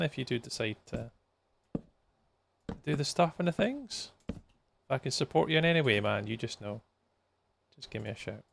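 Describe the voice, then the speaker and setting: Guy streaming a game, real gravelly voice, chatty with chat, bit of hiss behind. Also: medium pitch. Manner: chatty, talks to viewers while playing. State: tired, yawning. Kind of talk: live gameplay stream chat.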